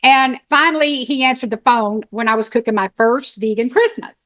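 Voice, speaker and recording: A middle-aged woman, telling her own story in a folksy, animated way. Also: fairly high pitch, normal speed. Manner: animated, folksy, acts out quoted voices. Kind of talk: storytelling talk.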